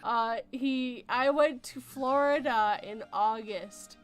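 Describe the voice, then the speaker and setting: With faint music behind her, a Canadian podcast host chats casually, laughing often as she meanders through explanations. She speaks slowly in a voice that's a little high.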